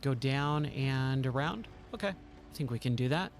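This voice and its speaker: A male streamer narrates his gameplay in an ordinary mid-range voice, by turns pleading with the game and poking fun at himself. Faint music plays quietly behind him. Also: medium pitch, expressive, measured pace. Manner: exasperated, self-mocking, talks to the game. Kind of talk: live gameplay commentary.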